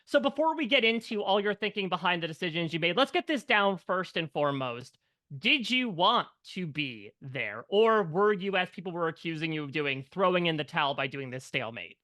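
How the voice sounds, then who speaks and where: A man interviewing a reality show contestant, setting up his questions in a measured way before asking them. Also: high-pitched, lively intonation, sharp tone, dry recording, studio quality. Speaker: entertainment journalist interviewer.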